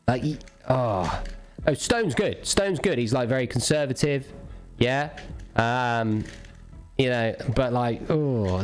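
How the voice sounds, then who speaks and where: A man streaming a game, ranting crudely and jokingly in a rambling, casual chat. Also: mid-range voice. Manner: rambling, crude, jokey rants.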